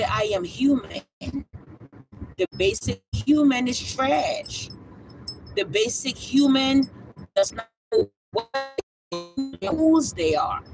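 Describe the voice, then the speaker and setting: Impassioned livestream preacher, noisy background. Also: mid-range voice. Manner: emphatic and repetitive, with frequent tag questions; now and then rises to shouts. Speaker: livestream spiritual speaker.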